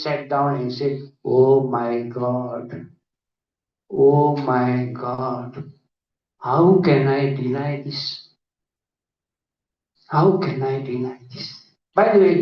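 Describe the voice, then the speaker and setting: A man giving a lively conference lecture full of anecdotes, often asking "isn't it?". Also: high-pitched. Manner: animated, often adds 'isn't it?'. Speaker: conference speaker. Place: conference hall. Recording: echoey hall, distant dull mic.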